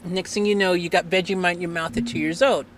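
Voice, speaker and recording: A live-stream host chatting casually with viewers, telling stories in a rambling, animated way. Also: mid-range voice, quick pace, noisy background. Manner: rambling, animated storytelling with restarts. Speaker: livestream host.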